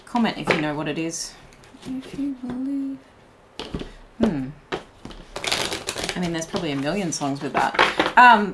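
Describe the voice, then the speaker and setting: Background noise runs under a young woman's lowish voice. She's a tarot reader doing a pick-a-card session, talking casually and wandering off course, often saying "like" and restarting her sentences.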